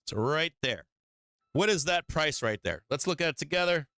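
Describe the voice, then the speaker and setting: A man's voice: a little high, animated, normal speed, sharp tone, no room sound. Brash, profane man hyping chart trades. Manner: brash, profane, hyped-up, addresses viewers directly. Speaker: stock market stream host. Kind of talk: casual live chart commentary.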